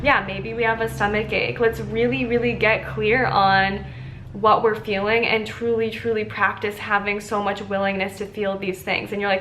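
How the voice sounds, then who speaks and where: A woman's voice: mid-range voice, little pitch movement, normal speed, fairly bright tone, slight background noise. Earnest woman coaching in an echoey room. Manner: earnest, repeats words for emphasis, many fillers. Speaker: dietitian and wellness coach. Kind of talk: motivational self-help talk to camera.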